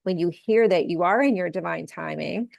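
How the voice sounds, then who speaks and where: Low gravelly woman astrologer, dry sound. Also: moderate pace, darkish tone, dry recording. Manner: reflective, explanatory, tags points with "right?". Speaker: astrologer guest. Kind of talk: casual conversational interview.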